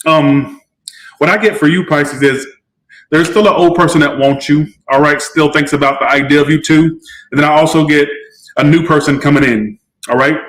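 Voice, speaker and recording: A man's voice: fairly high pitch, steady tone, normal speed, a bit bright, low-quality recording. A man giving a casual live-stream tarot reading, chatty and emotional, swearing freely. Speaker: tarot reader.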